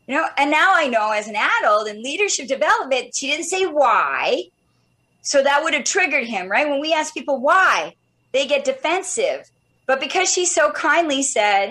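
A woman in her fifties, an interview guest telling a personal story in an animated, expressive way with shifting pace. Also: sits high, moderate pace. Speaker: guest speaker.

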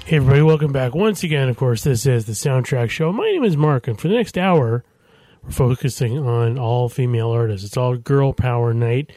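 A man's voice: medium pitch, a little fast, mellow, no room sound, faint music behind. Middle-aged male radio host, casual joking patter, dry close studio mic. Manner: chatty, self-deprecating jokes. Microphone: studio microphone.

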